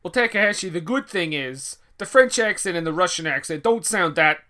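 A man's voice: high voice, animated, sharp tone. A man doing a gullible, eager movie executive. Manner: quick, enthusiastic agreement. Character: gullible male film executive, easily sold. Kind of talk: improvised comedy sketch.

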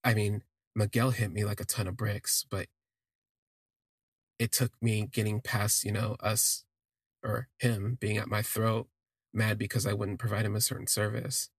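A man's voice: lowish voice, level tone, a little slow, breathy edge, dry recording, clean studio sound. A man telling a personal story on a podcast, rambling and correcting himself as he gushes. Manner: rambling, self-correcting, gushing.

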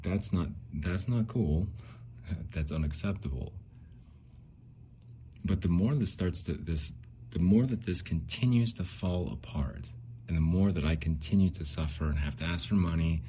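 Casting: very deep, mellow-voiced man, rambling podcast monologue, faint hiss behind. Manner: rambling, repeats himself, frequent likes and restarts. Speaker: podcast host. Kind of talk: casual monologue.

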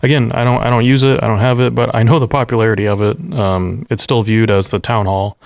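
A man's voice: fairly low pitch, flat delivery, fast, creaky, dry recording. A man co-hosting a podcast in casual tech chat, making dry, wry remarks. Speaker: podcast co-host.

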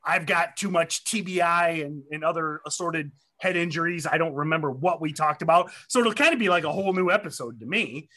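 A man's voice: a little high, a little fast, few pauses, pushed and bright. A man hosting a podcast in casual chat, rambling and joking as he interrupts himself. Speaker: podcast host.

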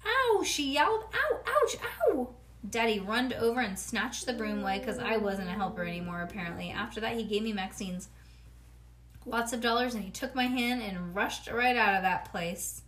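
A woman's voice: medium pitch, normal speed, a bit bright. A woman reading a children's storybook aloud to her child, with chatty asides between pages. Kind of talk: bedtime read-aloud.

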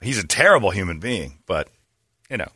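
A man in his thirties in a casual comedic chat, mocking and quick to slip into high falsetto voices for people in his stories. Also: very animated, pushed and bright, breathy edge, no echo, studio quality. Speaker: podcast co-host.

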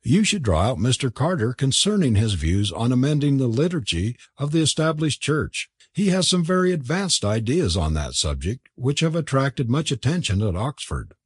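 A man voicing a scheming, smoothly mocking young gentleman. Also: mid-range voice, sing-song, moderate pace, few pauses, no echo, clean studio sound. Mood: sly.

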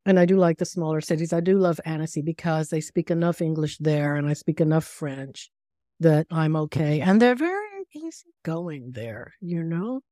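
This older American woman, an author appearing as a podcast guest, speaks in a low, animated voice at a moderate pace with a dark tone. She chats casually, telling anecdotes and laughing often, in studio-quality audio with no room sound.

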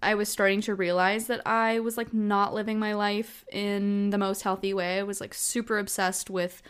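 A woman's voice: mid-range voice, level tone, moderate pace, clear, resonant tone. Giggly young woman vlogger, close mic. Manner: giggly, self-mocking, breaks into laughter. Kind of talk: casual reaction vlog.

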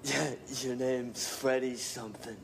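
Crying wounded hostage. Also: male voice, medium pitch, fairly even intonation, measured pace, vocal fry, slight background noise. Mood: scared. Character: wounded young hostage, scared.

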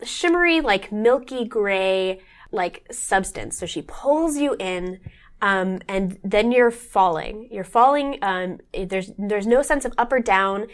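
A woman's voice: medium pitch, lively intonation, takes it slowly. A woman narrating a tabletop horror game as game master, meandering with many fillers. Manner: meandering, lots of fillers and restarts.

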